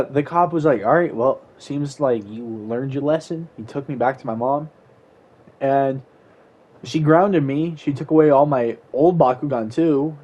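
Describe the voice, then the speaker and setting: A man's voice: mid-range voice, mellow, highs cut off. A young man casually telling a story time while gaming, rambling with lots of "like"s. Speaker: YouTuber.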